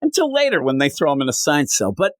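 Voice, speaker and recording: A man talks comics on a podcast, his pitch swinging high and low as he recaps the story. He keeps jumping into the characters' lines with quick little voices. The sound is dry and close, with no room around him. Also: no echo. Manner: animated, acts out characters' lines while recapping. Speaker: podcast co-host. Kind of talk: casual comic book chat.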